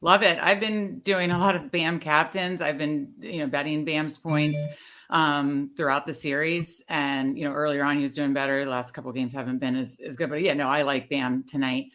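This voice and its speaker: A woman's voice: deep voice, fairly even intonation, normal speed, a bit bright, a little hiss or hum. A woman on a sports betting panel, enthusiastic but trailing into hesitant fillers. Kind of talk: casual sports betting chat.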